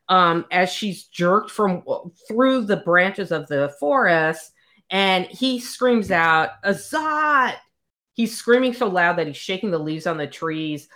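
A woman's voice: mid-range voice, fairly bright tone. A woman co-hosting a casual chat, animatedly retelling a book's plot and acting out the quotes. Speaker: podcast co-host. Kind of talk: casual book recap chat.

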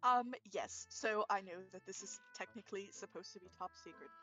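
A woman's voice: medium pitch, brisk, a bit bright, faint music behind. A woman playing a tabletop game, speaking earnestly and politely. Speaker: player. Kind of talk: casual tabletop play.

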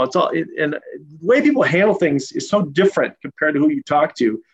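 A man's voice: fairly high pitch, lively intonation, a little fast, lo-fi sound. A man hosting a podcast interview, talking in a casual, rambling way with many fillers and restarts. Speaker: podcast host.

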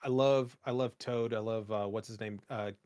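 A young man co-hosts a casual podcast, rambling along with plenty of fillers and jokes. His voice sits lowish and a little mellow, with fairly even intonation and normal speed. The studio recording is clean, with no echo.

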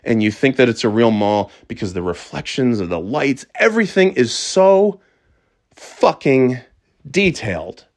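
A middle-aged man talks in a loose, casual monologue, his pitch sitting right in the ordinary middle for a man. He gets worked up fast, trips over his own restarts and swears without a second thought. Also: animated. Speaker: podcast host.

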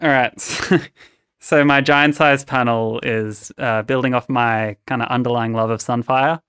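A man's voice: mid-range voice, steady tone, a little slow, a bit bright, clean tone, no echo, studio quality. A man co-hosting a podcast, chatting casually about comics and laughing often. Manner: chatty, laughs often, reads panels aloud. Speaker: podcast co-host.

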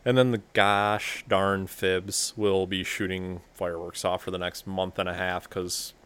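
A man's voice: sits low, level tone, measured pace, a bit bright, clear, resonant tone. A man co-hosting a podcast, giving short replies and dry wisecracks. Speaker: podcast co-host. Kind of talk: casual podcast chat.

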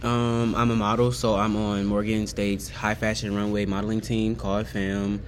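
An eighteen-year-old man from New York and Atlanta, co-hosting a podcast in casual chat, soft-spoken and quiet. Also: lowish voice, little pitch movement, moderate pace, slight background noise. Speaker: co-host.

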